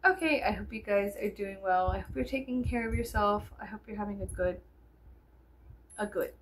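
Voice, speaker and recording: A woman's voice: mid-range voice, normal speed. A tired young woman rambling to her viewers in a casual vlog, swearing a lot and joking sarcastically. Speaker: vlogger. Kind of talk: casual chat to camera.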